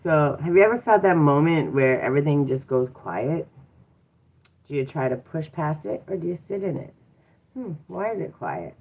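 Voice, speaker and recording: A woman's voice: low voice, sing-song, moderate pace, slightly rough. A woman hosting a motivational livestream, talking reflectively and encouragingly with rhetorical questions and frequent "um"s. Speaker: livestream host and mindset coach. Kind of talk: casual motivational livestream talk. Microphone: device mic from a live stream. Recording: tinny phone-like live stream audio.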